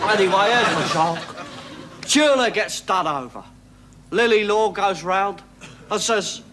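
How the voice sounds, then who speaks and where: A man's voice: high voice, heavy background noise. A man playing a crude cockney punk who tells gags, brash and cackling, in a sketch comedy monologue.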